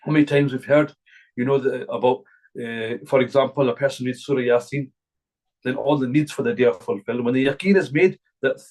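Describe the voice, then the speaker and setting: A middle-aged imam from Glasgow, Scotland, gives an earnest, repetitive, emphatic religious talk to a gathering. His voice is mid-range and a little mellow. The recording quality is low.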